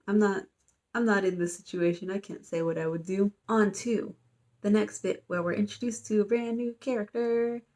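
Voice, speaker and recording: A young adult student vlogger casually recaps a story, rambling and chatty, packed with fillers and playful quotes. She speaks at a normal speed in a medium-pitched, slightly mellow voice with fairly even intonation.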